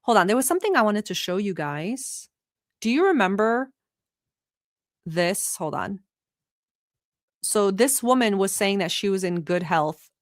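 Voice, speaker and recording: A woman's voice: medium pitch, animated, unhurried, pauses often, dry recording. Brief: woman from the Middle East, livestream commentator, sarcastic and profane, dry close sound. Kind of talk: heated reaction commentary.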